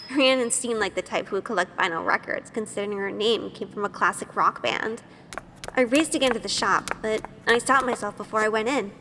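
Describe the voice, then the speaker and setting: Actress as a shy young woman narrator, earnest and self-questioning, slightly high voice, reverberant with light music. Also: a bit bright, slight background noise, natural voice. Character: shy, nervous young woman, obsessive and curious. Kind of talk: first-person audio drama narration.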